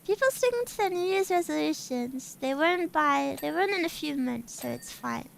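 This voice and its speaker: A woman's voice: high-pitched, animated, moderate pace, vocal fry, rough recording. A woman streamer chatting casually with her viewers while playing a game, bubbly and giggly. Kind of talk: casual chat while gaming.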